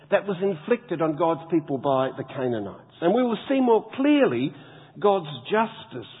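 A man preaching a sermon, reading scripture slowly and with heavy emphasis. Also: sits high, slightly rough. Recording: tinny phone-like sound with long hall reverb.

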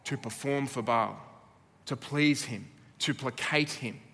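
Australian pastor, earnest emphatic sermon delivery, long church-hall reverb. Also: male voice, medium pitch, bright, forceful tone. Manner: earnest, emphatic preaching with dramatic pauses.

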